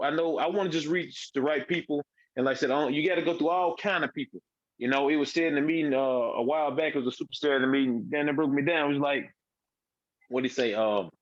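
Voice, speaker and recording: A man with a mid-range voice talks casually, rambling and halting in a folksy way. His voice comes through a dry, dull, lo-fi line. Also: medium pitch, dry recording. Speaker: team member sharing on a call. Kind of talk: casual chat.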